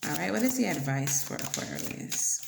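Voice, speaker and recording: A woman giving a casual tarot reading, blunt and playful, swearing now and then between soft fillers. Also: low-pitched, very animated, moderate pace, creaky, echoey room, very noisy. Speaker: tarot reader.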